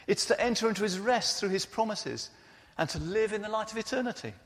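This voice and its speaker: A man's voice: sits high, fairly quick, fairly bright tone. A man preaching a sermon in a church, earnest and personal in his delivery. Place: church hall. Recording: reverberant church hall.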